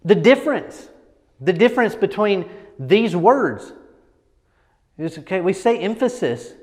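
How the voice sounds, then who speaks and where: A man's voice: sits high, sing-song, unhurried, a little mellow. Emphatic male coach in a reverberant room. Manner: emphatic, repeats words, lots of "right?". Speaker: presentation coach. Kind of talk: casual teaching talk.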